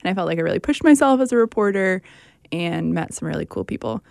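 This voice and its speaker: A woman's voice: medium pitch, lively intonation, fast, creaky, a little mellow, no room sound, studio quality. A young woman radio reporter chatting casually and enthusiastically, with lots of "like"s.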